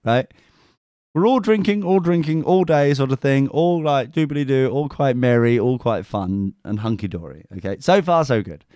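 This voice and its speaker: A young English man co-hosting a podcast, telling a sweary, animated story in a casual chat. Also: mid-range voice, no room sound, studio quality. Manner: sweary, animated anecdote with mimicked voices. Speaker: podcast co-host.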